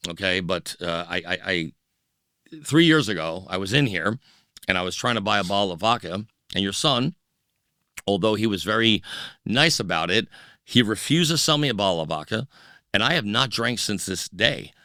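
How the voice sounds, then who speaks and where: A man's voice: on the low side, normal speed, dry recording. A middle-aged man, a musician guest in a podcast studio, telling his story candidly and acting out the voices of the people in it. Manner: animated storyteller who acts out quoted voices. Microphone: studio microphone.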